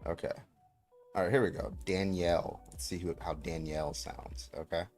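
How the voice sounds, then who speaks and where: A man hosting a livestream, chatting casually and swearing freely, with sudden loud outbursts. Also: sits low, steady tone, normal speed. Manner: profane, talks through tech setup with sudden loud outbursts. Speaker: livestream host. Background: faint music.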